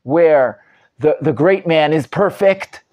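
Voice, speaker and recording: A man teaching a live Torah class as a rabbi, animated and emphatic, often restarting and repeating words. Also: on the high side, slow.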